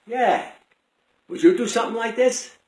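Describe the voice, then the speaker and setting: A man's voice: very high voice, normal speed, a little mellow, voice pushed up. A man voicing a police detective who questions and explains in a curt, matter-of-fact way. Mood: blunt. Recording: roomy echo.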